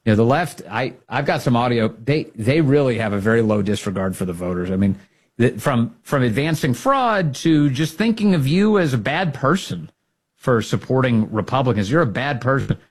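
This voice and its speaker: A man hosting a political talk program, giving emphatic, rallying commentary that swings up in pitch when he gets fired up. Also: animated, moderate pace, breathy edge. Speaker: political talk show host. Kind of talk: opinionated commentary.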